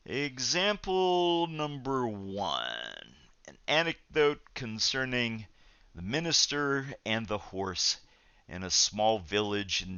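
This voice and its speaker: A man with a fairly low but bright, forceful voice teaches a psychology class on video. He explains each point in a steady, measured way and often fills pauses with "uh". The recording sounds dull and lo-fi, and dry. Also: dry recording. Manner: measured, explanatory, frequent "uh" fillers. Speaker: psychology lecturer.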